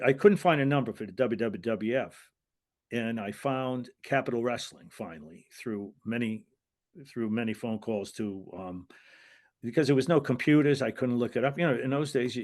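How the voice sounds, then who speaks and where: An older American man, a retired wrestling referee appearing as an interview guest, tells long anecdotes in a medium-pitched, darkish voice. He rambles and restarts, acting out the voices of people he quotes.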